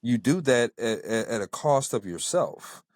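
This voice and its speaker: A man's voice: mid-range voice, lively intonation, measured pace, no room sound, clean studio sound. A man hosting an interview podcast, affirming his guest and repeating phrases for emphasis. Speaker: podcast host.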